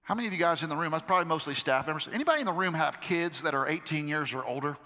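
A man's voice: fairly high pitch, expressive, rapid-fire, pushed and bright. A middle-aged man preaching a sermon to a live audience, talking conversationally with emphatic repetitions. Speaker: pastor. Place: large hall with a live audience. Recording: echoey hall reverb.

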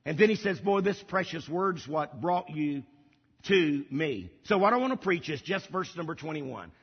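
A man's voice: a little high, animated, normal speed, husky. Man preaching emphatically in a reverberant hall. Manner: emphatic preaching with repeated phrases. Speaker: pastor. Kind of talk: sermon. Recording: dull lo-fi audio with long hall reverb.

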